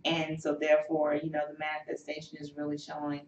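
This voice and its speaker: A woman's voice: deep voice, monotone, fast talker, a little mellow, slight background noise. Encouraging woman host in a roomy, distant recording. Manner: encouraging, faith-filled, many fillers. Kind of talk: health show chat. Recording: roomy, distant, dull sound.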